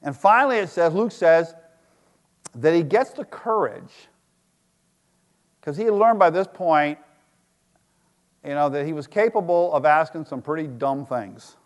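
High-voiced preacher in a reverberant hall. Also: male voice, lively intonation, unhurried, long pauses. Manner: storytelling, emphatic with sudden drops to a hush. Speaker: pastor. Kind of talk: sermon.

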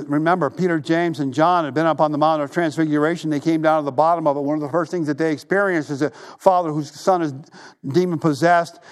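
A male pastor preaching a sermon, telling stories animatedly, acting out the voices he quotes and dropping to a hush for emphasis. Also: on the high side. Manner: drops to a hushed voice for emphasis.

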